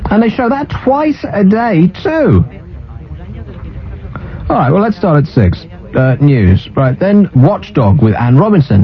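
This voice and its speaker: Sardonic radio host, lively pitch. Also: male voice. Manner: sardonic, ranting, mocking. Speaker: radio talk show host. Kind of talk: casual on-air banter. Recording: muffled radio broadcast.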